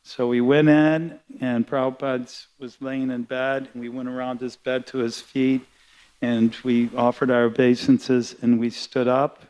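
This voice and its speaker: An older man giving a sermon built around a personal memory, speaking in a halting, heartfelt way with frequent restarts. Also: mid-range voice, level tone, darkish tone, smooth. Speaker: guest speaker at a temple class.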